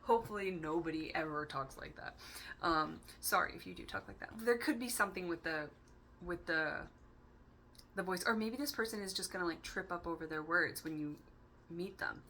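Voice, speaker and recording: Bright-voiced giggly woman tarot reader. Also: lowish voice, normal speed, slight background noise. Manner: chatty, giggly and playful; rambling, free-associating. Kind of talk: casual tarot reading.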